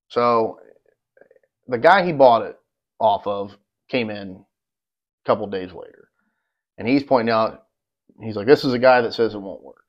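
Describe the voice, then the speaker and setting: A man telling a story on a casual podcast, rambling and swearing freely and voicing the people in it with plenty of heat. His voice sits at a middling pitch. The audio is a bit dull and lo-fi. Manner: rambling, profane, animated when quoting others. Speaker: podcast co-host.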